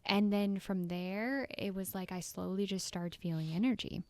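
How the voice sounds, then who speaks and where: Animated woman telling her story. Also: medium pitch, moderate pace, no echo. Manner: animated, acts out quotes, frequent "right?". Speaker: energy healer, podcast guest. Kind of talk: personal storytelling.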